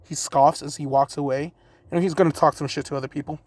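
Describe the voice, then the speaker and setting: Rambling, slightly high-voiced man storyteller. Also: steady tone, fast talker, dry recording, poor audio. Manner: rambling, full of "you know" and swearing. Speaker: fan fiction storyteller. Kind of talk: casual improvised storytelling.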